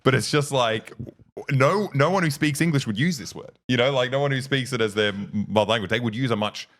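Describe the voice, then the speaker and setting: A man's voice: mid-range voice, a little fast, fairly bright tone. A young Australian man co-hosting a casual podcast chat, swearing freely and laughing often. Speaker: co-host.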